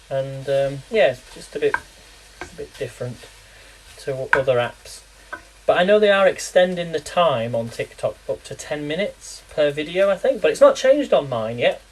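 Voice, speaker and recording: A man's voice: fairly high pitch, a little hiss or hum, poor audio. A man chatting casually to viewers during a live cooking stream. He rambles, laughs often and quizzes viewers on words. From England. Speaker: live-streaming home cook.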